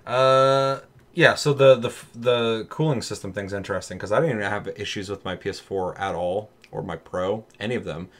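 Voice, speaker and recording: A man's voice: lowish voice, moderate pace, a bit bright. A man in casual chat on a gaming podcast, talking animatedly, swearing freely and acting out voices in his stories.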